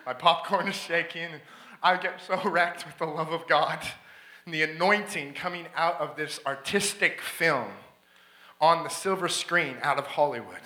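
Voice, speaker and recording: A man from Alberta, Canada, preaching a sermon in a church, telling stories with excitable energy, laughing often and building to shouts. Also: fairly high pitch, moderate pace. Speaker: guest preacher. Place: church sanctuary. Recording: echoey church hall.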